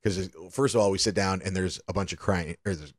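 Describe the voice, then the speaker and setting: A man's voice: low-pitched, fast, no room sound, clean studio sound. A man co-hosting a podcast, telling trip stories in a loose, chatty way with plenty of fillers and swearing. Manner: loose storytelling, swears freely, lots of fillers. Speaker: podcast co-host. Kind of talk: casual chat.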